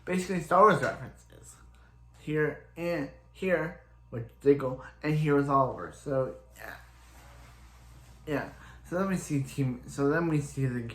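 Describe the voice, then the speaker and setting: A man's voice: on the high side, a bit bright, echoey room. A man casually recapping a TV episode, rambling and restarting as he paraphrases each character. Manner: rambling, halting retelling full of restarts and "he's like". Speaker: show reviewer.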